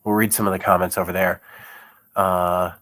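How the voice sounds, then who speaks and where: Sick low-voiced man chuckling through comments. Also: level tone, moderate pace, a bit bright, dry recording. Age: young adult. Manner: chuckles often, rambling filler-heavy talk. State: chest congestion, sick. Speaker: YouTuber reading comments. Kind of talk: casual commentary vlog.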